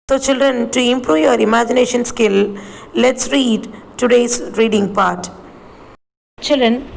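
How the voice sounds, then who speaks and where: A woman teacher, reading a textbook passage aloud slowly and spelling each word letter by letter for a class. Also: fairly high pitch, gravelly, low-quality recording. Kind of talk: slow reading lesson, spelling words letter by letter.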